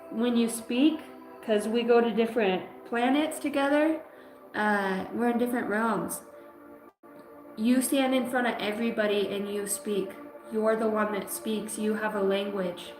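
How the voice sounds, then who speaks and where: A woman giving a live psychic reading, talking in a halting, dreamy and emotional way, full of filler words. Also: mid-range voice. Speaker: psychic reader. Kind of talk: live-stream intuitive reading. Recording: echoey room with music behind. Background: clear background music.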